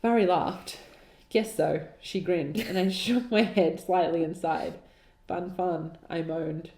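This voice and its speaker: A woman's voice: fairly low pitch, steady tone, slow, darkish tone. A woman co-hosting a podcast, reading her old writing aloud with exasperated, laughing, sarcastic asides. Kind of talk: dramatic reading with mocking commentary. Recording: roomy echo.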